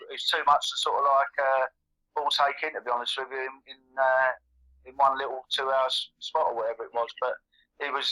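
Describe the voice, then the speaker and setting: A man's voice: mid-range voice, pushed and bright, poor audio. A middle-aged man chatting as a guest, rambling and enthusiastic with lots of fillers. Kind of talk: casual chat.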